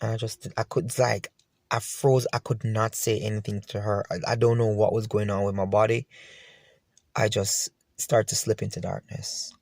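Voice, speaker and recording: Here a Jamaican man addresses the camera about his own painful past, emotional and going over the same points again and again. His voice is lowish, creaky and a little mellow, with a level tone at a moderate pace, captured in a dry, clean studio recording.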